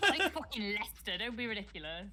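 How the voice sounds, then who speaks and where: Bright blunt woman with a Sheffield-area accent. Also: mid-range voice, very animated. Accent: Northern English, Sheffield area. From northern England, near Sheffield. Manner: blunt, sweary, quick to laugh. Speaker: co-streamer guest. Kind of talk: casual chat on a livestream.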